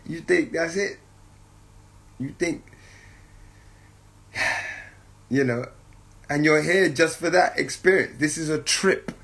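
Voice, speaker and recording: A man's voice: on the high side, gravelly, a bit bright. A man giving a casual, jovial spiritual monologue, laughing often and talking in slang with lots of repetition.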